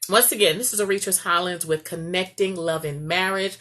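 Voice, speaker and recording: A woman's voice: on the low side, normal speed, few pauses, pushed and bright. A woman giving casual marriage advice as a coach, chatty and often checking in with "okay?". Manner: chatty, repeats "okay?" to the viewer.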